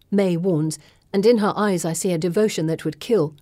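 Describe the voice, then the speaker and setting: A woman reading first-person scripted narration in a measured, dramatic way. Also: lowish voice, warm tone, no room sound, studio quality. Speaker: audiobook narrator.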